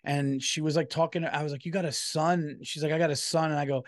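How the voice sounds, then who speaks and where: New guy hosting a podcast, loud animated stories, says dude a lot, bit of a high voice. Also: quick pace. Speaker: podcast host. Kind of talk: casual comedic storytelling.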